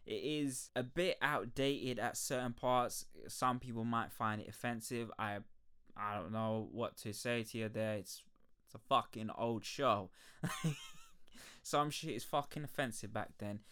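Young man, podcast host, casual rambling review, profane, laughing, lively, clear. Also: medium pitch, unhurried. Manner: profane, animated rants with frequent laughter.

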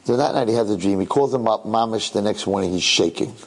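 A man's voice: lowish voice, fast, rough recording. A man telling a religious story in a sermon, in a conversational way that repeats phrases and asks the listeners questions.

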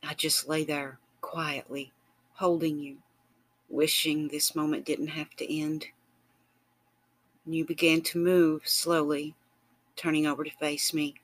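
Soft-spoken man telling a romantic story. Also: fairly high pitch, little pitch movement, no echo. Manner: soft, tender, unhurried. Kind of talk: intimate romantic narration.

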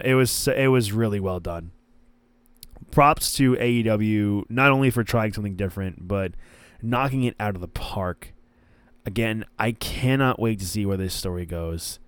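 Casting note: young male podcast host, smooth resonant voice, dry close sound, chatty and rambling. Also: medium pitch, measured pace, no room sound. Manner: rambling, stumbles and restarts, mimics wrestlers' lines. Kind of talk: casual wrestling podcast commentary.

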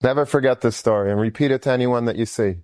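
A man tells an inspirational story in an animated, enthusiastic way, circling back and repeating himself as he goes. His voice sits at a middle pitch. The recording is dry and close. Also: fast, no room sound. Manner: animated, repetitive, enthusiastic retelling.

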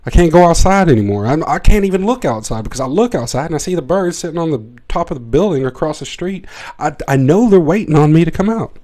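Podcast guy rambling through a funny story, swears a lot, dark mellow voice. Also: on the high side, fast talker, few pauses. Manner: profane, excitable, rambling with restarts. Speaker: podcast host. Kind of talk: comedic storytelling monologue.

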